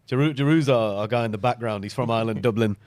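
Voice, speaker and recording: A man's voice: medium pitch, fast, darkish tone. Chatty upbeat male podcast host. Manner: chatty, upbeat, lots of fillers and repeats. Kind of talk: casual video interview.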